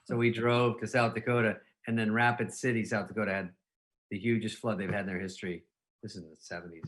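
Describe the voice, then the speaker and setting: A man's voice: fairly low pitch, flat delivery, fast, a bit bright. A man in his fifties, a comedian telling rambling anecdotes in casual chat, often laughing at his own stories. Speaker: comedian guest.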